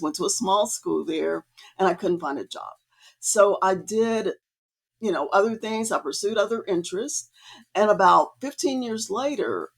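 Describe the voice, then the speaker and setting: A woman's voice: on the low side, husky. A woman artist, a podcast guest, telling her story in a casual, chatty way with many fillers. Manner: chatty, many fillers, acts out quoted dialogue.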